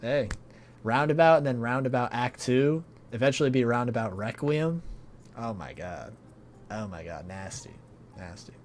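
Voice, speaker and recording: A young man hosting a charity livestream, chatting casually with viewers in a laid-back, slangy way that often trails off quietly. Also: medium pitch, animated, normal speed, a little hiss or hum. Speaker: streamer hosting a charity stream.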